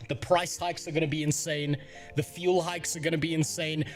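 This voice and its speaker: A man's voice: fairly high pitch, normal speed, faint music behind. A man from Africa, livestreaming and ranting in casual, profane, exasperated talk. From South Africa.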